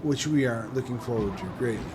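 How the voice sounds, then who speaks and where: A man's voice: mid-range voice, brisk. A man hosting a gaming channel, chatting casually and rambling with self-interruptions while he plays. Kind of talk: casual let's-play commentary. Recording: game audio and engine noise underneath. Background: race car engine sounds.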